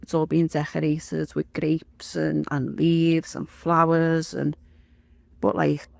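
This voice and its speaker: A woman tells her story bluntly, swearing freely and rambling along. Her voice has a gravelly edge, and the recording is dry and close. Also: deep voice, monotone, slow, dry recording. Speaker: interview guest. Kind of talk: dramatic personal storytelling.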